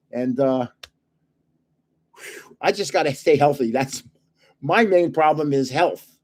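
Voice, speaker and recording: A man's voice: on the high side, darkish tone. An older man hosting a casual livestream, telling rambling stories and chuckling often. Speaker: channel host giving away trading cards.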